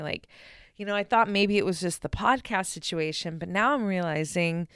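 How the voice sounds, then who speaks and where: A woman's voice: on the low side, normal speed, a bit bright, clear, resonant tone, no echo, clean studio sound. A young adult woman hosting a solo podcast, talking candidly and energetically, swearing freely and speaking straight to her listeners. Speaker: podcast host. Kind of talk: casual solo podcast monologue.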